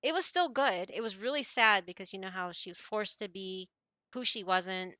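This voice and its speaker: A bright, forceful woman streamer talks into a dry, close microphone, chatty and emotive as she answers her chat. She rambles, reacts openly, and sounds like she is talking straight to her viewers. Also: medium pitch, normal speed, dry recording. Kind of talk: casual chat with live viewers.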